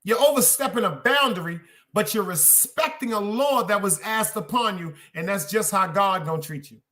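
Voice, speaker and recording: Loud, bright-voiced preachy podcast man. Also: high voice, normal speed. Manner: loud, profane and preachy, asking his listeners questions. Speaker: podcast host. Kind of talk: casual preaching monologue to a live chat.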